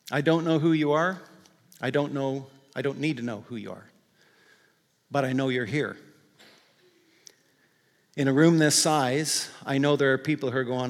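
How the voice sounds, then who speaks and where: Earnest man preaching in a reverberant hall. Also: medium pitch. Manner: earnest, rising emphatic preaching that softens into quiet prayer. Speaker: pastor. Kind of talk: sermon ending in prayer. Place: large church hall.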